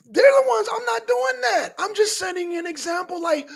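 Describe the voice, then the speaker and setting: A man doing loud, animated political commentary on a live stream, with theatrical gasps and mock panic. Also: very high voice, normal speed, vocal fry, hardly any pauses. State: dizzy, out of breath after holding breath. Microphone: camera mic.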